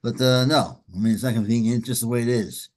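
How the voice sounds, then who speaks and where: A man leading a study group, talking in a halting way with many repeated words, then reading a story aloud. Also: medium pitch, steady tone, darkish tone.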